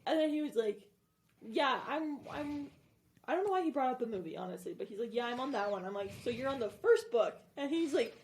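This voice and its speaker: A woman's voice: on the high side, expressive, fairly quick, darkish tone. A woman co-hosting a podcast in casual chat, laughing often as she tells stories. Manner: laughing, loses her train of thought. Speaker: podcast co-host.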